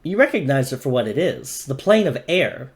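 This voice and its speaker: A man narrating as game master in a tabletop game, slow and dramatic. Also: mid-range voice, very animated.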